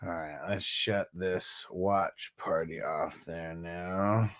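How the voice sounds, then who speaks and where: A man's voice: deep voice, steady tone, slow, fairly bright tone. A man hosting a casual livestream, talking in a laid-back, slangy way to his chat and coughing now and then. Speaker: livestream host.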